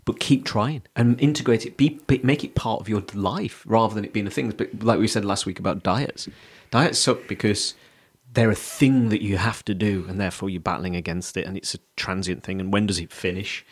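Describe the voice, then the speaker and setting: Low husky-voiced man. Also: brisk, hardly any pauses. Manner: reflective, swears and apologises. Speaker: podcast co-host. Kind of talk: casual chat.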